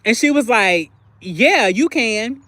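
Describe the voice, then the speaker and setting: A young livestream host, his high, light voice bright and forceful, talks frankly and playfully about personal things. He's expressive, clears his throat repeatedly, and plays out short phone calls in rapid voices. The audio is close-miked and dry, without any echo.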